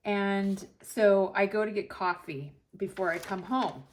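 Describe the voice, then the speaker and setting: A woman's voice: medium pitch, measured pace. A woman in her forties telling a long story in a chatty vlog, acting out the dialogue as she quotes it. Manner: animated, retells with quoted dialogue. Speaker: planner vlogger.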